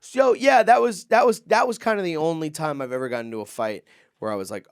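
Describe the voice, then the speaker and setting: Guy on a podcast telling a story, kinda high voice, doing all the voices, gets really animated. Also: quick pace, vocal fry, smooth. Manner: animated storytelling, acts out the people he quotes. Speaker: podcast co-host. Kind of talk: casual comedic chat.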